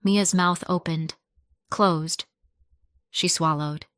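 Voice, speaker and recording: A woman narrating a scripted first-person family story in a measured, soft-spoken way. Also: lowish voice, fairly even intonation, dry recording, studio quality.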